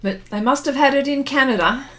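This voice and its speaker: A woman's voice: sits high, brisk, a bit bright. A middle-aged woman hosting an art livestream, chatting casually and reminiscing with plenty of fillers while she draws. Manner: rambling, reminiscing, with many fillers and laughs. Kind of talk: casual chat while drawing and reading viewer comments.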